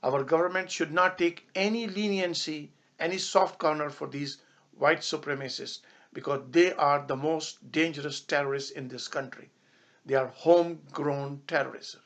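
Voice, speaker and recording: A man's voice: a little high, steady tone, moderate pace, fairly bright tone. A man speaking as an imam, giving a public statement with impassioned emphasis and stretches of solemn prayer. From Canada. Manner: impassioned, rising to angry emphasis.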